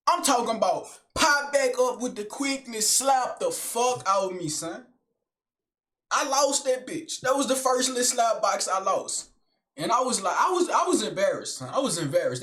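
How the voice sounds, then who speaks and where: A young man telling a story in animated, slangy street talk, full of tags like "son" and "gang", with low mumbled asides. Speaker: vlogger. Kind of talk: casual storytelling monologue.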